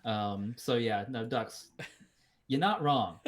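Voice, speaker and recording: A man's voice: medium pitch, takes it slowly, slight background noise. American West Coast man, rambling. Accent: American West Coast, slipping into Kiwi. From United States. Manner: rambling with restarts and swearing. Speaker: podcast co-host. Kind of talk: casual chat.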